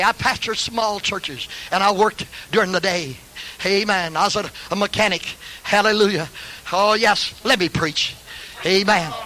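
An older man preaching a sermon as pastor, fervent, breaking into hallelujahs and shouted peaks. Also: high voice, poor audio.

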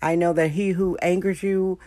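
A woman's voice: lowish voice, fairly even intonation, normal speed, dark tone, no room sound, clean studio sound. A woman hosting a podcast, telling a story in a chatty, frank way and talking straight to her listeners. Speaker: podcast host. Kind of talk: casual storytelling monologue. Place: San Francisco.

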